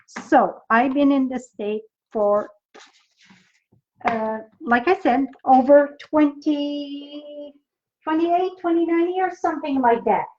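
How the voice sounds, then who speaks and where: A high-pitched woman, heard through dull audio, chats with viewers while demonstrating card making. She's a middle-aged French Canadian with a French accent, thinking aloud as she works in a live-streamed crafting demo.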